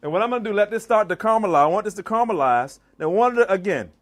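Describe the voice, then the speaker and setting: A man from Maryland giving an animated live cooking demonstration in a church hall, teasing and quizzing his audience. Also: high voice, rapid-fire. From Maryland, US East Coast. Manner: animated, teasing, asks the crowd questions. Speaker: chef giving a cooking demo.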